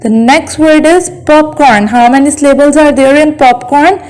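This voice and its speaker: Woman, Bangladeshi English accent, high-pitched; patient teacher who drills words syllable by syllable. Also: a little mellow, rough recording. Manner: slow, carefully sounds out words syllable by syllable. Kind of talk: classroom lesson.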